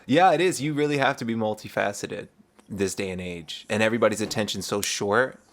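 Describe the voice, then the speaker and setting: A man's voice: on the low side, fairly quick, fairly bright tone, a little hiss or hum. A man hosting a podcast, chatting casually and encouraging his guest. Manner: encouraging, talkative, easy laughs. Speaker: podcast host.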